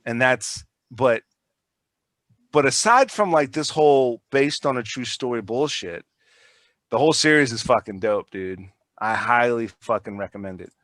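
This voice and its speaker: A man's voice: mid-range voice, animated, normal speed, a bit bright, no echo. Rambling, swearing podcast guy. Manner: rambling, swears a lot, many restarts. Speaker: podcast co-host. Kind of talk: casual chat.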